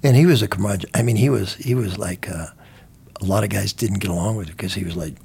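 Gravelly older man telling war stories. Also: lowish voice, fast talker, a little mellow. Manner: rambling, restarts often, swears. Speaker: veteran guest. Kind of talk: conversational storytelling.

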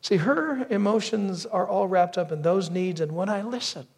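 A man preaching a sermon, telling a story with lively asides and acting out brief voices. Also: high-pitched, moderate pace, vocal fry, breathy edge. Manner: storytelling, acts out wife's lines and crow caws. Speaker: pastor.

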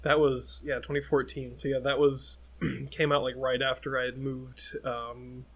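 A man's voice: mid-range voice, flat delivery, a little slow, breathy edge. A man in his twenties co-hosting a podcast, chatting easily about films with fillers and frequent laughs. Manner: easygoing, laughs often, fillers. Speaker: podcast co-host. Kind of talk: casual film chat.

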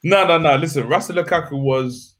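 Animated man saying bruv a lot. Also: a little high, a little fast. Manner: animated, slang-heavy, repeats bruv. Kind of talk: casual football chat.

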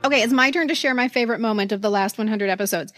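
A woman's voice: fairly high pitch, very fast, over loud music. A woman co-hosting a podcast, telling a favorite memory in a playful way and laughing often. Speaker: podcast co-host. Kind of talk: casual chat.

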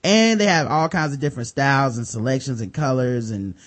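A man's voice: mid-range voice, brisk. A man hosting a podcast in casual chat, reading sponsor spots in a loose, jokey, profane way with lots of fillers. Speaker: podcast host.

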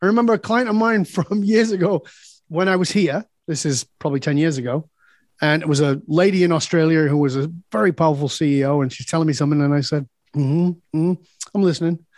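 A man's voice: on the high side, brisk, darkish tone, no room sound, clean studio sound. A man guest in a casual interview, telling blunt stories and acting out dialogue, swearing freely. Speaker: podcast guest, leadership speaker.

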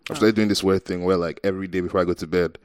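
A man's voice: deep voice, steady tone, rapid-fire, crowd noise. A young man from Nigeria co-hosting a casual podcast chat, with laid-back slangy banter and frequent laughs. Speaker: podcast co-host.

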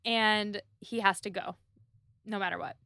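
A woman's voice: medium pitch, steady tone, unhurried, vocal fry, pushed and bright, dry recording. A woman co-hosting a podcast, chatting casually and summarizing a story's plot with playful asides. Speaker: podcast co-host. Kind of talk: casual book-club chat.

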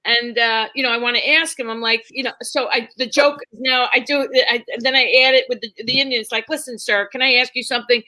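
A woman's voice: a little high, fairly quick, hardly any pauses, low-quality recording. A middle-aged woman, a stand-up comedian, telling a story casually and acting out the people in it. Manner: animated, acts out quotes in the story.

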